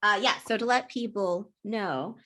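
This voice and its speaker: A woman's voice: mid-range voice, a little slow, pushed and bright. A woman acting as game master, casually explaining rules and narrating scenes with frequent fillers and restarts.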